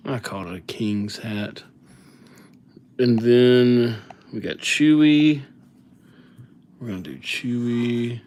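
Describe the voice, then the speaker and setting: A man chatting casually and joking at his own expense on a live calligraphy stream, dropping to soft murmurs as he writes. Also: medium pitch, takes it slowly, pauses often. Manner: chatty, self-mocking, drops to soft murmurs while writing. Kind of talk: casual live-stream chat while writing.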